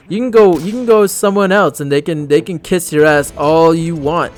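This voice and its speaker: A young man talks over his gameplay in a loose, rambling way. He is blunt and swears freely, and his voice sits a little on the high side. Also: moderate pace. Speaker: gameplay commentator. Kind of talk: casual gameplay commentary.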